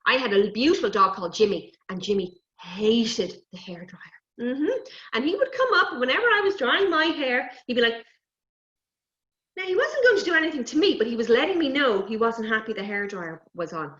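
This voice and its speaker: A woman presenting a lively lesson on animal safety to young children, coaxing them and talking to toy animals. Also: a little high, moderate pace. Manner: animated, coaxing, talks to puppets and kids. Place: indoors, recorded for an online event. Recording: dull, roomy live stream audio.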